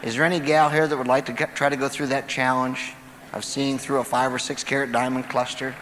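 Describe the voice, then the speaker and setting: A man speaking to an audience in a large auditorium with a folksy, storytelling manner and a pitch right in the middle for a man. His voice is caught from a distance, with a long echo from the hall and a faint hum of room noise behind it. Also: level tone, a little fast. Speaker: motivational speaker. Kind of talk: motivational stage talk. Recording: distant, echoey live hall recording.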